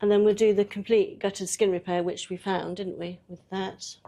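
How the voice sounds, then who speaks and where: A woman's voice: mid-range voice, level tone, normal speed, dark tone. A woman presenting a live workshop, talking a volunteer through a hands-on demonstration in a chatty way with frequent laughs.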